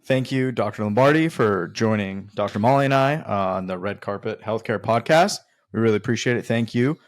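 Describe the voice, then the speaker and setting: A man's voice: lowish voice, a little fast. A man hosting a podcast, speaking in a friendly way while thanking a guest. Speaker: podcast host. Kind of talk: casual podcast chat.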